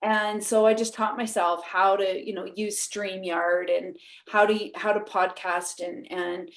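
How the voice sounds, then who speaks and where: A woman's voice: medium pitch, flat delivery, unhurried. A woman with a Canadian accent, talking animatedly as a guest in a podcast interview, laughing often. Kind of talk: casual interview.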